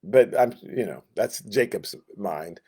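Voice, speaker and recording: Animated man teaching a Bible lesson. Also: lowish voice, takes it slowly, breathy edge. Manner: animated storyteller acting out quotes in character voices; casual, joking asides. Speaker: Sunday school teacher.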